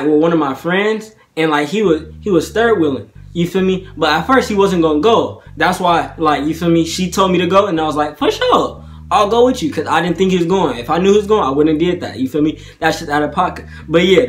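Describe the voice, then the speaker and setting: Chatty young man, fairly high voice. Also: fast talker, few pauses. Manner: chatty, slangy, keeps asking "you feel me". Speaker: prank vlogger. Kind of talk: casual talk to camera.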